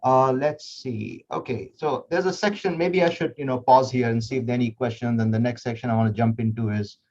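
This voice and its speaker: A man's voice: medium pitch, brisk, darkish tone, lo-fi sound. A man giving an interview-skills workshop over a video call, speaking conversationally with frequent "you know" fillers and restarts. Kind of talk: online workshop talk.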